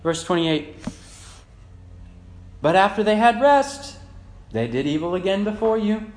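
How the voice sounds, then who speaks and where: A man in his thirties preaching a sermon as pastor, moving between loud fervent emphasis and soft reflective passages. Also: high-pitched, sing-song, normal speed. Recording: echoey church room with faint hum.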